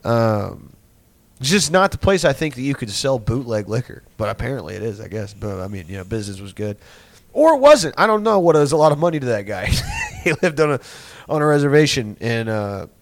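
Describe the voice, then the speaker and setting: A man's voice: mid-range voice, sing-song, a little fast, dry recording. A young man hosting a podcast, telling a story in a rambling, profane way with lots of filler words. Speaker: podcast host. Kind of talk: casual storytelling.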